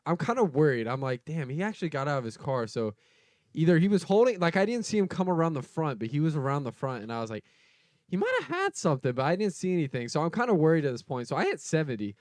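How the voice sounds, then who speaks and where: A young male co-host tells his story in loose, cursing bursts. His voice sits a bit high. The sound is close and dry, with no room around it. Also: fast, no echo. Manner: profane, animated storyteller. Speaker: podcast co-host. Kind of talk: casual storytelling chat.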